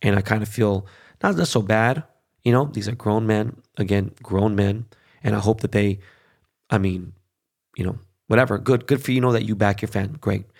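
A man's voice: lowish voice, normal speed, creaky. A middle-aged man hosting a show, ranting in a heated, profane casual monologue full of fillers and restarts. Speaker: show host.

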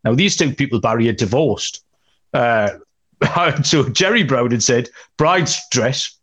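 A man's voice: mid-range voice, expressive, unhurried, fairly bright tone. A young adult man co-hosting a betting podcast, telling rambling jokey stories in casual chat with lots of fillers. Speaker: podcast co-host.

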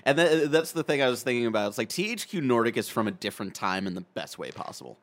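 A man's voice: mid-range voice, animated, fast, fairly bright tone. A man on a casual gaming talk show, chatting enthusiastically in casual slang. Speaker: regular panelist on a gaming show. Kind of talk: casual chat.

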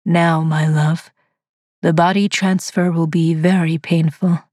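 A woman voicing a calm, controlling male cyborg master in a storybook reading, speaking softly and gently. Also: lowish voice, breathy edge, dry recording, clean studio sound. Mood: commanding. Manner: soft, gentle, measured delivery. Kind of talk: audiobook dialogue read by a narrator.

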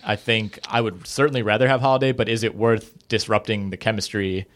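Talking through basketball trades on a podcast he co-hosts, this man keeps things loose and conversational, packed with fillers and hedges. He sounds fairly low and steady, moving at a brisk clip.

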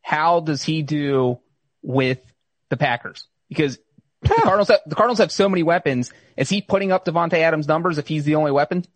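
Fast, husky man cracking jokes. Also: fairly high pitch, expressive, dry recording. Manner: wisecracking. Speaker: podcast co-host. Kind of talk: casual sports banter.

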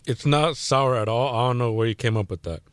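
A man's voice: medium pitch, a little fast, smooth. A man working as a radio producer, bantering in the studio and stubbornly arguing a small point. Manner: dry, stubbornly argumentative.

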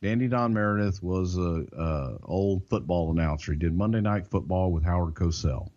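An older man with a Southern American accent, co-hosting a podcast and telling behind-the-scenes stories in a folksy, drawn-out way. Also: deep voice, a little mellow, highs cut off. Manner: folksy, drawn-out, swears casually. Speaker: podcast co-host. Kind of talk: casual storytelling.

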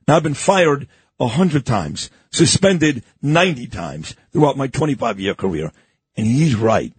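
Lively husky-voiced radio host man. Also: mid-range voice, measured pace, dry recording. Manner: chatty, conversational, asks leading questions. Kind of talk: casual studio interview. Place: radio studio.

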